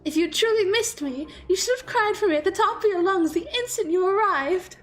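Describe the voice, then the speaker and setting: A small, haughty fairy ruler speaks in a high, lofty voice, playful and imperious, as a woman puts her on. Her lines come out grand and teasing, slightly lifted in volume. Faint game music plays underneath. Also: a little fast.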